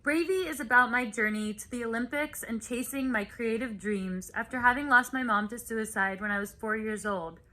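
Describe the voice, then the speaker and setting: A woman's voice: a little high, normal speed, hardly any pauses, bright, forceful tone. A young woman reading a scripted, earnest and upbeat introduction to a talk.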